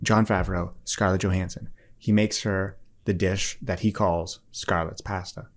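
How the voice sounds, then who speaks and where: A man's voice: deep voice, fairly even intonation, measured pace. A man from Canada, an author and poet, co-hosting a podcast in easygoing casual chat. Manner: easygoing, laughs along.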